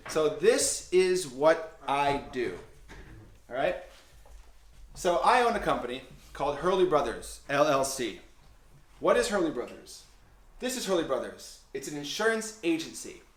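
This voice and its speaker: A young man with a slightly high voice tells a story in an animated, excitable way, swearing freely. The sound is roomy, with noticeable echo around him. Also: a little slow. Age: young adult. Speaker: vlogger and insurance agency owner. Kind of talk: casual storytelling to camera.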